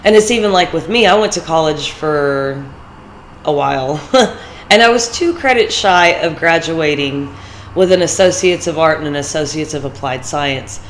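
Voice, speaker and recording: A woman's voice: low-pitched, lively intonation, normal speed, a little hiss or hum, poor audio. A woman with a congested voice, rambling and personal as she gives casual motivational talk in a vlog, with fillers between her thoughts. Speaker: vlogger.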